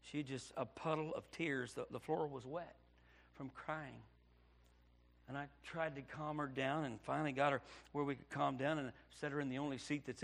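A middle-aged male pastor, telling his story in a sermon, dropping to hushed tones and then bursting out loud. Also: medium pitch, gravelly. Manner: preaching with sudden loud outbursts and hushed storytelling. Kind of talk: sermon testimony.

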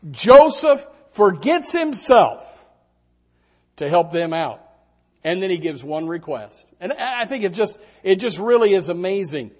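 A man preaching a sermon in a conversational, animated way, with many restarts and fillers. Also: unhurried. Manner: animated, pitch rising and falling with emphasis.

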